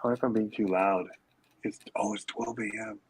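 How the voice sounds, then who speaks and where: A man's voice: on the low side, fairly even intonation, brisk, slightly rough, low-quality recording. A man co-hosting a podcast from a hotel room late at night, joking and trading banter while wearing a headset. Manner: joking, trades banter and quips. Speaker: podcast co-host. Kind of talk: casual chat. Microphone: headphones with mic.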